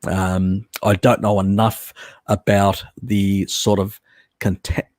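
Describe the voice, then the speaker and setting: A man's voice: fairly low pitch, little pitch movement, takes it slowly, a little mellow, dry recording, clean studio sound. A man hosting a live stream, answering viewer questions in a blunt, rambling way with many fillers and restarts. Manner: blunt, casual, swears. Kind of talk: unscripted live Q&A.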